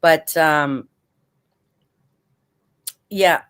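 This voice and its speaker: An older woman from Canada with a low voice talks as a guest on an interview show. She rambles in a relaxed, chatty way, full of asides and fillers, drawing on years as a prosecutor. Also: extremely slow, clean tone. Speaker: retired federal prosecutor, guest. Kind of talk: casual interview chat.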